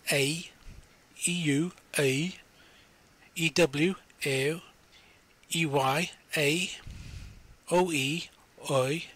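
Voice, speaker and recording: A man with a bright, forceful voice that sits a little high reads an encyclopedia article aloud. He spells out letters one by one and carefully sounds out each foreign word. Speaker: volunteer reader of spoken encyclopedia articles.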